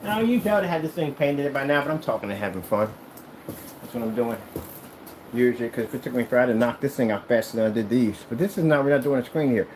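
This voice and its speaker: A man's voice: mid-range voice, fast, a little mellow, a little hiss or hum, poor audio. A man who makes screens and rants while he works, talking in a boastful, rambling, mocking way. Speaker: screen maker. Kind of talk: ranting vlog while working.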